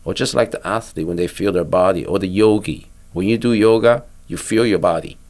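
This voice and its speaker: An older man, a physician, guiding a listener through a body-awareness exercise in a calm, patient, instructive way. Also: deep voice, fairly quick. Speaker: physician and therapist guest. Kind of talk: guiding a mindfulness exercise in conversation.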